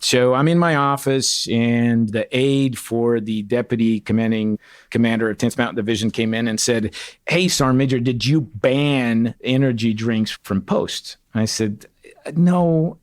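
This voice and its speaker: A middle-aged man speaks as a guest in an interview, his voice sitting at an average pitch. He tells his stories animatedly and acts out what others said. The studio sound is close and completely dry. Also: no echo. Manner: animated, acts out quoted dialogue. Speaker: guest, retired senior enlisted leader. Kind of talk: casual interview storytelling.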